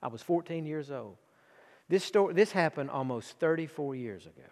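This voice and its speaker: A man in his forties with an East Texas drawl preaches a sermon with a slightly raised pitch. He tells stories in a folksy way, slips into near-hushed passages and then builds to fervent urging. His voice rings with the long reverb of a church hall. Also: animated, normal speed. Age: 40s. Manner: folksy storytelling, dropping to a near hush then rising to fervent exhortation. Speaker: pastor.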